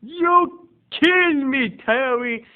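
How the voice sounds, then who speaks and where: A man putting on the voice of a spaced-out, morbid older woman, slow and eerie, recorded with tinny lo-fi sound. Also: very high voice, voice pushed up. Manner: slow, flat, spooky delivery.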